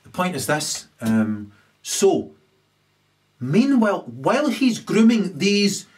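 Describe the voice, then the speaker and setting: A man's voice: high-pitched, big pitch swings, takes it slowly, a little mellow. A man in a rambling, ranting monologue, constantly tagging his points with questions. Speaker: commentator.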